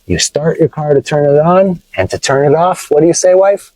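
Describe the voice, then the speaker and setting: A man teaching English vocabulary from inside his car, playful and explaining slowly with examples. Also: a little high, lively intonation, darkish tone, dry recording, rough recording. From United States. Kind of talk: casual teaching vlog.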